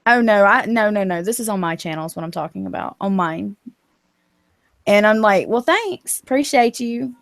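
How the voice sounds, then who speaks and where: A woman with a Southern US accent, co-hosting a live stream in chatty talk that turns animated when she quotes people. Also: medium pitch, moderate pace, vocal fry, dry recording, clean studio sound. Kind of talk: casual live-stream chat.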